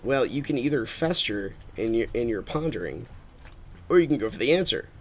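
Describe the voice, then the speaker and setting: A man's voice: medium pitch, animated, a little fast. A man streaming a game with casual commentary, rambling and thinking aloud as he drifts into musings.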